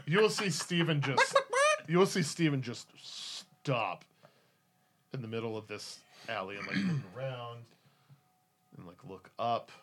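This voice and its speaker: A man's voice: medium pitch, expressive, a little slow, fairly bright tone, slight background noise. A man narrating a tabletop game as game master, in a casual, rambling way full of fillers.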